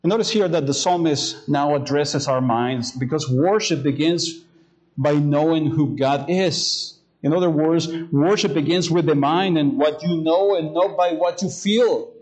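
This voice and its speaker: Male pastor, sermon delivery, a touch high-pitched, hesitant storyteller, slows deliberately for scripture readings. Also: darkish tone, rough recording. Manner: hesitant, many fillers in the anecdote, slowing to read scripture.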